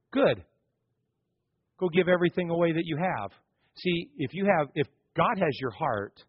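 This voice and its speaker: A man preaching a sermon as pastor, animated, swinging between raised emphasis and hushed asides. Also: on the high side, slightly rough, no echo, lo-fi sound.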